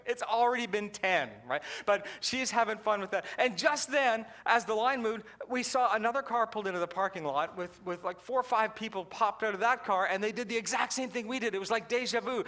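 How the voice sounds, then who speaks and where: A man giving a keynote talk, telling a story in an animated way with frequent laughs. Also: high voice. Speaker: customer service keynote speaker.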